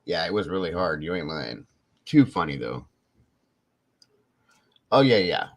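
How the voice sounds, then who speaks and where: A man's voice: low voice, sing-song, measured pace. A man hosting a show, telling a story in a casual, chatty way, laughing now and then and swearing freely. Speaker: host.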